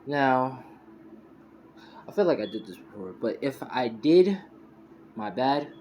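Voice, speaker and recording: Slowly and in a sing-song, slightly mellow mid-range voice, a man spins a fan story off the top of his head. He rambles informally, corrects himself, and peppers it with "you know" and "you could say," over slight background noise.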